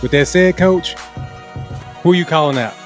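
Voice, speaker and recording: A man's voice: a little high, moderate pace, soft background music. A male podcast co-host in casual, laid-back chat, teasing his partner.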